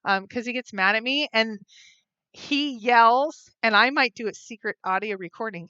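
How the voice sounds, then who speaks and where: A woman's voice: on the high side, normal speed, sharp tone, smooth, dry recording, muffled recording. Chatty, giggly woman live-streaming. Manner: chatty and giggly, many ums, reads viewer comments aloud. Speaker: vlog host reading live chat. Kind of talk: casual live-stream chat.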